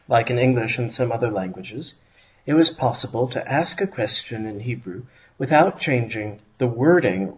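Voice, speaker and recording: A male teacher talks through a grammar lesson at a measured pace. His pitch sits in the middle, but his intonation moves a lot, rising on the first word of a phrase and falling toward its end. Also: low-quality recording. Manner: measured explanatory delivery with stressed phrase openings. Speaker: Hebrew teacher.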